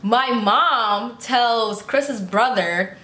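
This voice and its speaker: A young adult woman telling a casual storytime vlog, animated, acting out quotes in high voices and swearing freely. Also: drawn-out words. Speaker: vlogger. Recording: echoey room, faint background noise.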